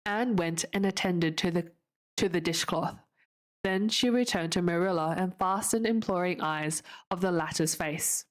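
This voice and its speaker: A woman's voice: fairly low pitch, steady tone. Woman reading a novel aloud. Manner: unhurried, plain, with small slips and restarts. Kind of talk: casual read-aloud narration.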